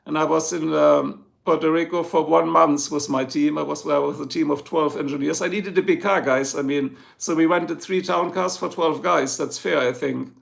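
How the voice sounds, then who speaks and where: A middle-aged German man with a gravelly, somewhat high voice, hosting a live stream. He speaks English with a clear German accent and rambles loosely, turning again and again to talk straight to his chat. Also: fairly even intonation, moderate pace, hardly any pauses. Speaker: livestream host. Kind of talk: casual livestream chat.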